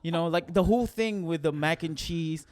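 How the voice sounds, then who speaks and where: A man co-hosting a casual podcast chat, rambling and animated as he recounts scenes. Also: on the high side, normal speed. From Philippines. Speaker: podcast co-host.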